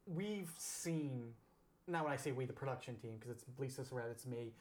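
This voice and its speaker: A man's voice: mid-range voice, normal speed, a little mellow, roomy sound. A middle-aged man hosting a casual interview, a theater director, prompting his guest in a conversational way.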